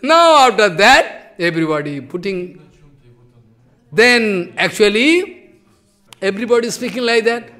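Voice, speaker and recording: A man's voice: sits high, animated, unhurried, long pauses, sharp tone. A man giving a devotional sermon, telling stories with emotion and repetition in broken English. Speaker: preacher.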